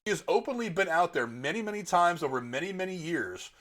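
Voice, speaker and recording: A man's voice: high-pitched, expressive, brisk, a bit bright. A middle-aged man hosting a podcast, arguing his opinions bluntly in casual, profane talk. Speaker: podcast host.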